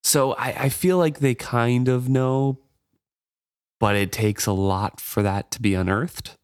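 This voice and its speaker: A man's voice: mid-range voice, a little slow, clear, resonant tone, dry recording, studio quality. A man co-hosting a book podcast, musing and thinking aloud in casual talk. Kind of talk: casual chat.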